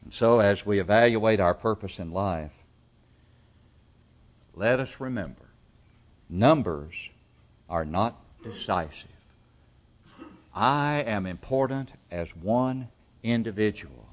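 A male preacher delivering a sermon at a slow, deliberate pace. His voice sits at an ordinary pitch, and he drives points home by repeating them and asking the congregation questions. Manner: emphatic, repeats key phrases, rhetorical questions. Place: church service.

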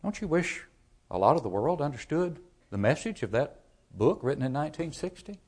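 A man preaching a sermon, retelling a children's story in an emphatic voice that rises to loud peaks. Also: a little high, very animated, a little fast, slightly rough.

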